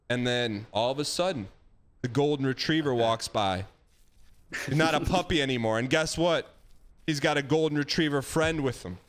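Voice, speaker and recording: Male streamer, slightly higher voice, blunt and animated advice-giver. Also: normal speed. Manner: blunt, animated, acts out quoted lines. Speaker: streamer giving dating advice. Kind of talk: casual advice chat.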